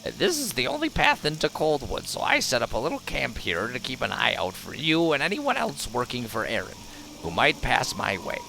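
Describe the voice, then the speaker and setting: A man's voice: mid-range voice, huge pitch swings, normal speed, vocal fry, pushed and bright, slight background noise, heavily acted. A man reading out a game's dialogue for a dutiful male scout, in a stiff, formal way. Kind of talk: reading game dialogue aloud.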